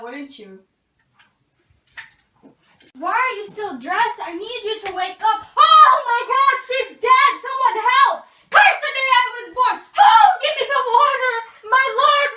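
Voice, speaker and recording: A woman's voice: very high-pitched, bright, forceful tone, a little hiss or hum, exaggerated voice. Teen girl playing a fussing old nurse. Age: teens. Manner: playful nagging, then wailing. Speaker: student actor. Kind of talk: amateur school play. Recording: echoey room, from far off.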